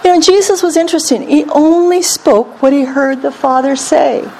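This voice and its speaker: A woman delivers a spirited sermon in a high, bright voice. She tells stories, asks questions, and has the congregation repeat verses after her. A faint hum of noise sits behind her. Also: normal speed. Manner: lively, calls on the congregation to repeat. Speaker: preacher.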